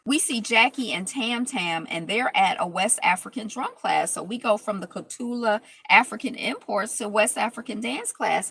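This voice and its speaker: A woman's voice: medium pitch, moderate pace, gravelly, few pauses, pushed and bright, rough recording. A woman casually recapping a reality TV episode, rambling with lots of fillers and restarts.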